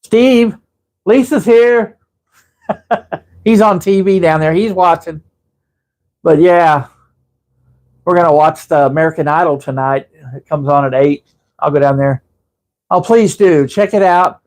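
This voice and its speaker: A man's voice: a little high, measured pace, long pauses, a little mellow. A man hosting a casual live stream, rambling through stories and chatting with viewers as their comments come in. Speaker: livestream host.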